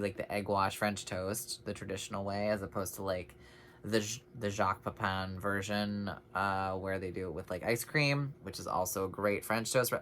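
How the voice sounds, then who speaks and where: A man talks through a casual scent review with a bright, forceful voice. He rambles in a chatty way and drifts into side tangents. He sounds like he is recording at home. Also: on the low side.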